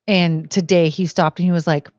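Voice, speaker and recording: A woman's voice: lowish voice, fairly even intonation, moderate pace, darkish tone, no echo, muffled recording. A woman streaming from home into a desk mic, chatting casually and rambling with lots of "like" and "um". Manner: rambling, heavy use of "like" and "um". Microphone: desk microphone.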